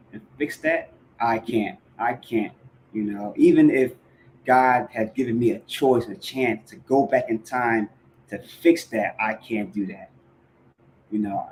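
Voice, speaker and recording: A man's voice: mid-range voice, darkish tone, a little hiss or hum, rough recording. A man hosting a podcast in casual conversation, talking earnestly and emphatically, repeating phrases for stress. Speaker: podcast host.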